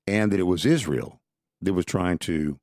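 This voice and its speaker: A man's voice: sits low, moderate pace, a little mellow, no echo, clean studio sound. A man co-hosting a podcast, talking politics casually and with strong opinions, often restarting his sentences. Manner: conversational, opinionated, frequent restarts. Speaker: podcast co-host.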